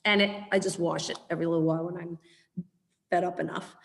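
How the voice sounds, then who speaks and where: A woman giving a chatty, animated webinar lecture as a dog trainer over a video call. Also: lowish voice, quick pace, creaky, long reverb tail.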